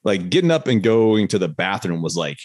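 A man with a fairly low voice hosts a casual podcast. He talks in a relaxed way and drops swear words freely. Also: moderate pace. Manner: laid-back, swears freely. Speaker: podcast host. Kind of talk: casual chat.

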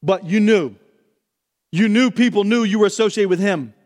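High-voiced pastor in a reverberant hall. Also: male voice, normal speed, a little mellow. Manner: earnest, questioning the listeners directly. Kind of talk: sermon.

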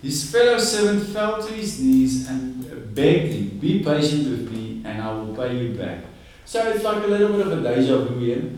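A man preaching a conversational, animated sermon. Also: mid-range voice. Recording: echoey room, distant mic.

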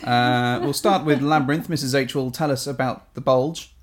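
A man's voice: mid-range voice, steady tone, normal speed, slight background noise. A man from England with an English accent, co-hosting a casual podcast in a playful, jokey way that sometimes bursts into silly voices. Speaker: podcast co-host.

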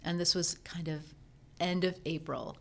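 A middle-aged woman, a professional organizer turned entrepreneur, is a guest on an interview show, casually telling her business story. Her voice is on the low side with vocal fry, at a moderate pace. She's a lively storyteller who acts out the conversations she remembers.

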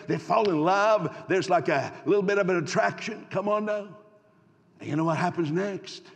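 Male pastor from Canada, folksy storyteller with restarts, raised voice, gravelly edge. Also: high-pitched. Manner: folksy, stammering restarts, rhetorical questions to the congregation. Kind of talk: storytelling sermon. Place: church sanctuary. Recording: long hall reverb.

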